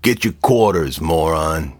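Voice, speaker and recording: A man voicing a burly, bullying man with a gruff, taunting way of talking. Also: extremely low pitch, lively intonation, slow pace, no echo, clean studio sound, exaggerated voice.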